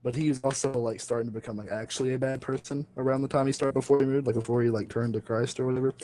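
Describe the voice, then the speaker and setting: A man's voice: mid-range voice, steady tone, very fast, warm tone, poor audio. A teenage boy co-hosting a podcast, chatting in a laid-back way and swearing casually. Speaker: podcast co-host. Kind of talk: casual chat.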